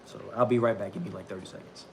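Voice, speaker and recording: A man's voice: lowish voice, fairly even intonation, fast talker, background noise. A young man hosting a casual livestream, rambling and repeating himself, often saying bro as he talks about a daily Bible reading.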